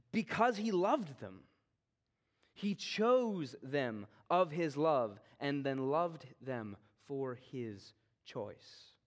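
A man preaching an expository sermon in an earnest way, his voice often sinking low and quiet at the ends of phrases.

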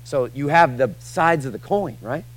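A male pastor preaching a casual sermon in church, joking with the room and swinging from quiet asides to loud, emphatic lines. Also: fairly high pitch, animated, normal speed, no room sound, low-quality recording.

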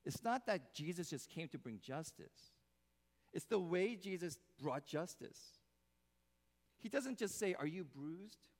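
A man's voice: sits high, lively intonation, measured pace. Man preaching in a reverberant hall. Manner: dramatic swings from hushed to loud exclamations. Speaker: pastor. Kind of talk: sermon. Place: church sanctuary.

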